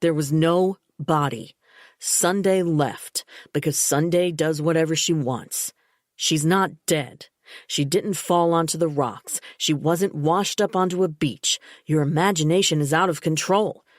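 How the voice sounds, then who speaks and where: A woman's voice: sits low, a little slow, dry recording, clean studio sound. A woman reading an audiobook, voicing a man who speaks firmly and patronizingly. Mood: firm dismissive. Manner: firm, patronizing. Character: dismissive adult man, patronizing brother.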